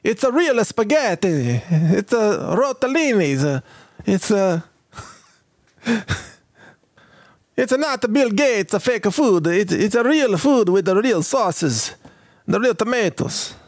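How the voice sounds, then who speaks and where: Brief: man doing a sing-song comic Italian accent, high and cheerful, dry close sound. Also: very animated, slow pace, pauses often, dry recording, exaggerated voice. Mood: gleeful. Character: jolly stereotyped Italian man praising food.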